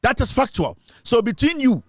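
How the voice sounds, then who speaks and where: Ghanaian male commentator, high-pitched and insistent, dry close sound. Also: big pitch swings, moderate pace, no room sound. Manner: emphatic, lecturing, switching between English and Twi. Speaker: online commentator. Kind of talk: impassioned social commentary.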